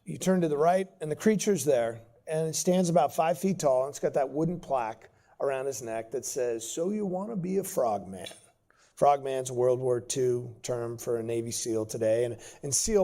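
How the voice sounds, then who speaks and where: A man speaking as a guest, recounting an anecdote with animated energy. His voice sits fairly high but has a dark, mellow tone. He tells stories with plenty of pauses and restarts. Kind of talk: storytelling talk.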